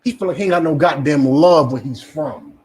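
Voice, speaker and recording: A man's voice: on the high side, brisk, darkish tone. A man with a New Jersey accent preaching a fiery street sermon, swearing and acting out the voices he quotes.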